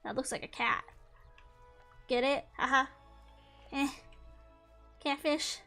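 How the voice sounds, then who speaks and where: A woman's voice: high voice, fairly even intonation, slow, sharp tone, faint music behind. A young woman giving casual, playful gameplay commentary, mock-exasperated and talking to the fish on screen. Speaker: gaming streamer.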